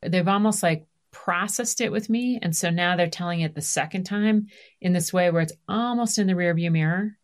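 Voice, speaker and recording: A middle-aged woman, a guest author, telling family stories in an animated, confessional way full of asides and self-deprecating jokes. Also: on the low side, moderate pace. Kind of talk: candid conversational storytelling.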